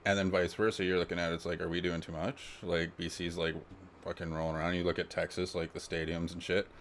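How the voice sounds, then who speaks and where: Low-voiced canadian guy on a podcast, swears constantly, gets heated and animated. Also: fast, slight background noise. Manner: profane, animated rants. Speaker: podcast co-host. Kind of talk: casual chat.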